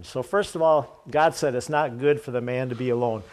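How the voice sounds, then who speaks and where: A man's voice: mid-range voice, moderate pace, few pauses. A man preaching a sermon, reading scripture aloud and then explaining it casually with jokes and asides to the congregation. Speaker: pastor.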